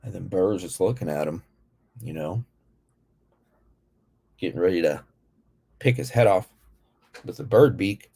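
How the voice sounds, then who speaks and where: A man hosting a reaction video, talking in a slow, playful, slangy way. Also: deep voice, lively intonation, vocal fry, mellow, husky. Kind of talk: casual reaction commentary.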